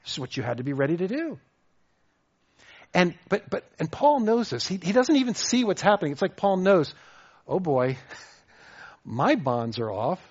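A man preaching a sermon as pastor, lively and repeating words as he restarts his thoughts. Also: high voice, fairly quick, breathy edge. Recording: dull lo-fi sound.

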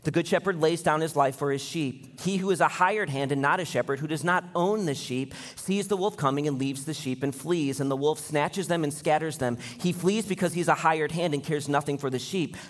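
A young man preaches to his congregation with a somewhat high voice, building from calm explanation to intense, emphatic peaks. His voice carries the long reverb of a large church hall. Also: fairly quick, hardly any pauses. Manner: animated, rising to intense emphasis. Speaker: pastor. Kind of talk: sermon.

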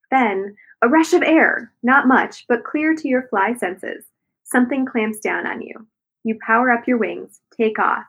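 A woman's voice: fairly high pitch, breathy edge. A woman co-hosting, reacting with laughs and taking a turn reading the story aloud. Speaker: co-host. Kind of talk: casual chat and read-aloud.

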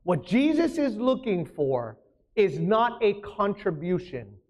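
A man as pastor preaching a sermon, emphatic, often asking the congregation questions. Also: sits high.

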